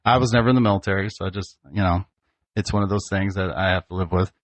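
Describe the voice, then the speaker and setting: A man's voice: low voice, fast talker, no room sound. A man, hosting a casual podcast chat and telling family stories, laughing often. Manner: chatty storyteller, laughs often. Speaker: podcast host, father.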